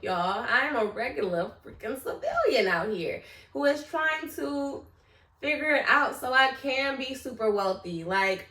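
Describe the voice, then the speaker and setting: A woman's voice: medium pitch, a bit bright. A woman in her late twenties, vlogging at home in a rambling, candid way and talking straight to her viewers. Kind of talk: casual vlog chat. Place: room at home. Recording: echoey room, mic at a distance.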